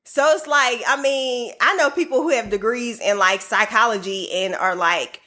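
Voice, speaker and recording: A bright, clear-toned woman talking on a casual panel show. She speaks earnestly and with strong opinions, circling her points and leaning on "like" and "you know". The delivery stays loose and conversational. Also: a little high, normal speed. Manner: rambling, leans on "like" and "you know" fillers.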